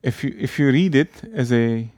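A man's voice: mid-range voice, normal speed, darkish tone, no echo. Hesitant man explaining, dry sound. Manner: hesitant, many fillers and restarts. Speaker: language teacher. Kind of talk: casual explaining.

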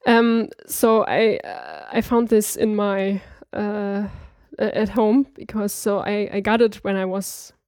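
Hesitant woman explaining pitch accents. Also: steady tone, takes it slowly, hardly any pauses, darkish tone, no room sound, studio quality. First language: not Swedish. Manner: hesitant, many fillers and restarts. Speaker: language learner. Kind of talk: casual language-practice chat.

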